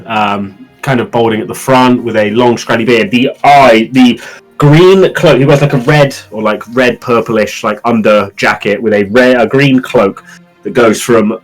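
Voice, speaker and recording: A man's voice: mid-range voice, rough recording. A man narrating a tabletop game as game master, describing scenes loosely with many fillers.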